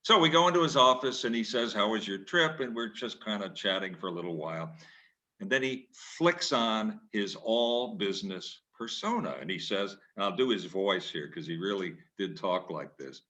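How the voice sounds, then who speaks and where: An older man spins a lively, self-deprecating anecdote, acting out the scenes as he goes. His voice is fairly low but bright and forceful, with a punchy edge. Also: moderate pace. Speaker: guest speaker, former newspaper columnist. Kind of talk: anecdotal storytelling talk.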